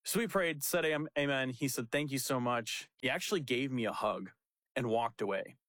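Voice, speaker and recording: A man's voice: mid-range voice, normal speed, dry recording. Young guy pastor telling a story, acts out voices, laughs a lot, dry close sound. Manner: animated, laughing storyteller who acts out quotes. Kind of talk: casual storytelling chat.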